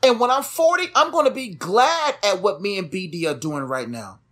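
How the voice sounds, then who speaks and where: A man's voice: high-pitched, expressive, moderate pace, a bit bright. Emphatic preachy young man. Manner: emphatic, preachy, repeats phrases for stress. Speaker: podcast co-host. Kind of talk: casual motivational talk.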